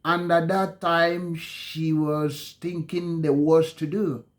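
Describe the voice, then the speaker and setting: A man telling a dramatic story slowly, pausing often with ums and correcting himself mid-sentence. His voice sits a little higher than most men's. Each phrase is stretched out for effect. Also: little pitch movement. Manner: halting, many ums and self-corrections, slow dramatic phrasing. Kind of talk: spoken storytelling.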